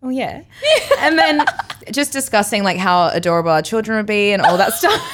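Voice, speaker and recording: A young Australian woman co-hosting a podcast, telling a story in casual chat and acting out quotes with big leaps in pitch and frequent laughs. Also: fairly quick. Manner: animated, acts out quotes with big jumps in pitch, laughs often. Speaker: podcast co-host.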